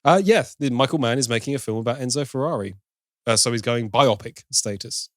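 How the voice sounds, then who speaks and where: A man's voice: mid-range voice, a little fast, no echo, clean studio sound. A man co-hosting a film podcast, chatting casually, swearing and laughing at bad films. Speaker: podcast co-host.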